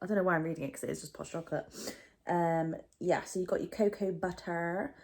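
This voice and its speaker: A woman's voice: lowish voice, fairly even intonation, brisk, a little mellow. Chatty British woman unboxing products. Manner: chatty, rambling, many fillers and asides. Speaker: beauty vlogger. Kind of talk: casual product unboxing chat.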